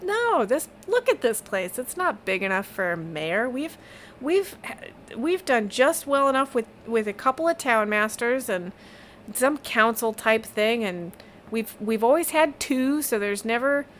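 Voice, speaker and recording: A woman's voice: fairly high pitch, expressive, measured pace, fairly bright tone, slight background noise. Woman playing a fed-up young weaver. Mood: exasperated. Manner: rambling, exasperated, eye-rolling.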